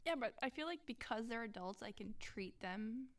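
A woman co-hosting a casual podcast, teasing and giggly, with quick quips. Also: a little high, lively intonation. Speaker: podcast co-host. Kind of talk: casual chat.

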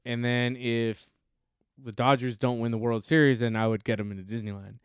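A man's voice: mid-range voice, normal speed, clean tone, no room sound, clean studio sound. A man co-hosting a podcast, telling a story in a casual, swear-heavy way. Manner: profane, animated storyteller. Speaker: podcast co-host.

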